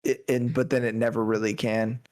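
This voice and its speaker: A man co-hosting a podcast, chatting casually about a film in a rambling, halting way full of restarts. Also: medium pitch, level tone, darkish tone. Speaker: podcast co-host. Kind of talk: casual movie review chat.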